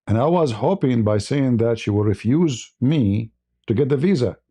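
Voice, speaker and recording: A man's voice: medium pitch, animated, moderate pace, warm tone, slightly rough. A man who is not a native English speaker, hosting a live stream and telling casual stories with frequent laughter. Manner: laughs often while telling anecdotes. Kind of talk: casual storytelling.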